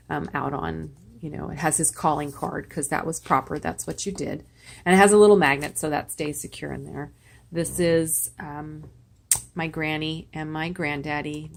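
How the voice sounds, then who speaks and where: A woman in her sixties giving a chatty, sentimental show-and-tell of a handmade memory book, with rambling asides. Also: sits low. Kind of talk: casual show-and-tell vlog.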